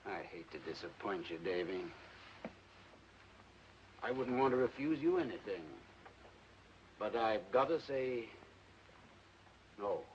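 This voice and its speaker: A man's voice: lowish voice, animated, takes it slowly, long pauses. An actor playing a middle-aged horse trainer and father who speaks in a folksy, hesitant drawl. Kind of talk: 1940s film acting. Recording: muffled old film soundtrack with faint hiss.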